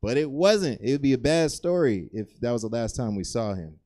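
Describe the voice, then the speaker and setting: Rambling stand-up comic acting out bits. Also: male voice, moderate pace, a little mellow. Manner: loose and rambling, acts out characters with jumps in pitch. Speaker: stand-up comedian. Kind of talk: stand-up storytelling. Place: comedy theater stage.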